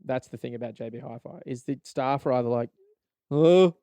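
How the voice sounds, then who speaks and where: He talks fast at a medium pitch, and the studio-quality audio has no echo. The speaker is a young Australian man hosting a podcast alone, ranting casually with heavy swearing, lots of laughs, and an animated, rambling style.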